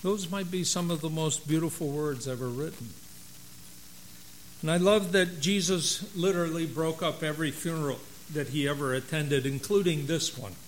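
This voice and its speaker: A man preaching a sermon and reading a story aloud in a measured, storytelling way. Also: fairly high pitch, slight background noise, poor audio. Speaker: pastor.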